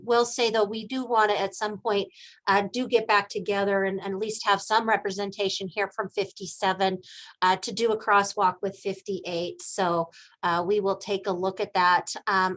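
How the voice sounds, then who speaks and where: A woman's voice: mid-range voice, fairly bright tone. A woman from Montana leading an online meeting, talking in a chatty, folksy way and laughing often. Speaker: meeting facilitator.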